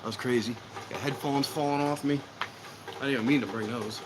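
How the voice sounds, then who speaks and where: Rambling, out-of-breath male streamer outdoors, background noise clearly audible. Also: mid-range voice, brisk. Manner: rambling, self-deprecating, thinking aloud. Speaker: train-watching streamer. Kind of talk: casual live-stream chat. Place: outdoors at a train station in rain. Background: outdoor ambience, clear background noise.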